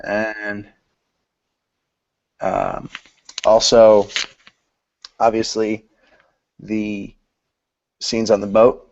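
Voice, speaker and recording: A young man co-hosts a casual film podcast and talks in loose slang. His voice is low and gravelly, with a lot of vocal fry. The audio sounds dull and lo-fi. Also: completely flat delivery, drawn-out words, pauses often, darkish tone, dry recording. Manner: loose slangy talk, says dude. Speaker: podcast co-host.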